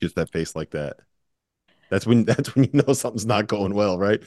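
A man hosting a podcast, asking long, relaxed questions in a conversational way. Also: fairly low pitch, normal speed, dry recording, clean studio sound. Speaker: podcast host.

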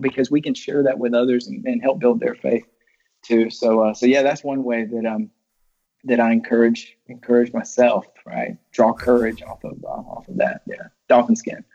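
A man's voice: medium pitch, warm tone, breathy edge. A man speaking earnestly on a panel, often repeating his phrases. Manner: earnest, faith-focused, repeats himself. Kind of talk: conversational panel discussion. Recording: dull lo-fi audio.

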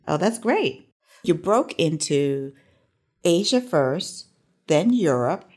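A woman's voice: on the low side, very animated, takes it slowly, a little mellow. A woman hosting an interview, asking brief, encouraging questions. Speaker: podcast host.

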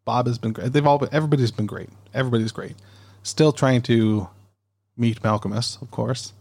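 A man's voice: medium pitch, fairly even intonation, brisk, a little mellow. A man hosting a podcast, rambling and chatty in a casual monologue, recorded on a studio dynamic mic. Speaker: podcast host.

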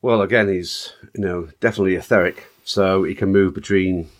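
Lowish-voiced Northern English man. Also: steady tone. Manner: quick agreeing interjections. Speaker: podcast co-host. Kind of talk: casual podcast chat.

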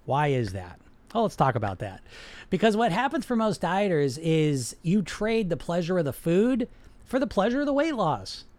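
A man's voice: high voice, big pitch swings, normal speed, a little mellow, dry recording. A man coaching on weight loss in a blunt, emphatic, profane way, repeating words for stress as he talks to a live chat.

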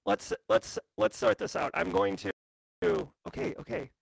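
A man hosting a live cybersecurity news stream, talking in a casual, animated way that jumps high and low. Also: a little slow, vocal fry, dry recording, poor audio. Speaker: livestream host. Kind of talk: casual livestream chat.

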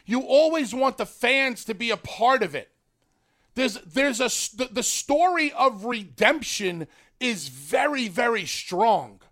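A man with a strikingly high voice makes his points with force, stretching stories out and slipping into voices for the people in them. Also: lively intonation, a little slow, a bit bright. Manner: emphatic storyteller who acts out lines in character. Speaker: podcast co-host. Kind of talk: casual chat.

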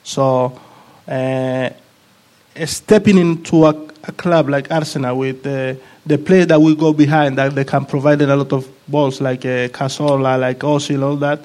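A man's voice: medium pitch, fairly even intonation, measured pace, a little mellow. A man, a former player of the club, talking as a guest in a casual panel chat, often repeating words as he searches for them.

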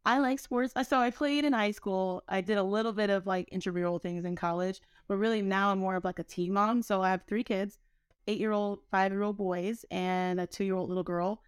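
A woman's voice: mid-range voice, fairly even intonation, a little fast, clear, resonant tone, dry recording, studio quality. A woman in her thirties, a healthcare executive, chatting as an interview guest in a friendly, conversational way. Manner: friendly, conversational, uses "like" often. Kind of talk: casual interview chat.

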